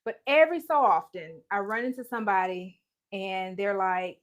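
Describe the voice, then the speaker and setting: A woman's voice: mid-range voice, normal speed. A woman hosting a casual embroidery livestream from home, chatty and joking, laughing often and greeting viewers by name. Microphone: live-streaming setup.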